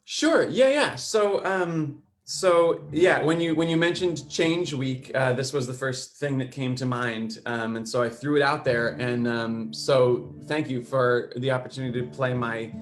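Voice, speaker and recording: A man's voice: mid-range voice, steady tone, a little slow, hardly any pauses. A man appearing as a guest songwriter, talking hesitantly with many ums over a video call. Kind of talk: casual interview talk.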